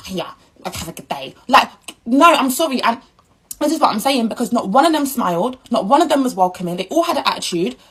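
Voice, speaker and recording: A woman's voice: a little high, fast, breathy edge, poor audio. A young woman, ranting bluntly and indignantly in a casual vlog. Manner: blunt, indignant, animated storytelling. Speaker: vlogger.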